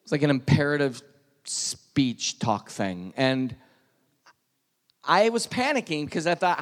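A man's voice: fairly high pitch, very animated, slow pace, pauses often. Man telling his story in an echoing hall. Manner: earnest storytelling, drops to hushed tones at tense moments. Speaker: speaker telling his testimony. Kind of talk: personal testimony talk.

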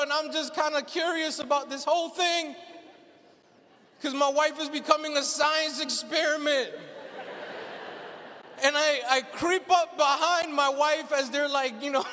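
A man doing stand-up on stage, his voice pitched very high and sharp-edged. He tells his story animatedly and plays its characters himself. The hall around him rings with a long reverb. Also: a little hiss or hum. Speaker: stand-up comedian. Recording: live venue with long reverb.

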